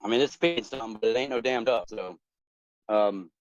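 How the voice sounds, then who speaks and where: A man's voice: on the low side, a little fast, dry recording. A man in his forties chatting casually over a phone call, rambling with many fillers and restarts. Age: 40s. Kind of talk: casual chat. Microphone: phone on a voice chat app. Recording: dull lo-fi phone audio.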